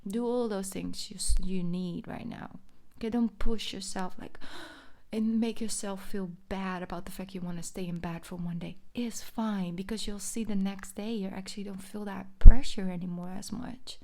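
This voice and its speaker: A young woman reading tarot in a relaxed, chatty way, her voice carrying a gravelly fry. She soothes and reassures the listener, now and then slipping into soft whispers. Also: medium pitch, moderate pace. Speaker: tarot reader. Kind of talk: casual tarot reading monologue.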